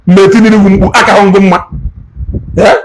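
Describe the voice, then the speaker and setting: A man giving heated, animated commentary, switching languages and repeating phrases for emphasis. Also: high-pitched, a little fast, a little hiss or hum, poor audio. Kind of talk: heated social media commentary.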